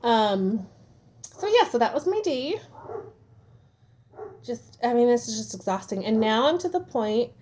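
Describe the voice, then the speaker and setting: Young woman vlogger, slightly high voice, frustrated venting monologue, casual and animated. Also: unhurried, pauses often, a little hiss or hum. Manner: frustrated, exasperated, animated retelling. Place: home, at a table.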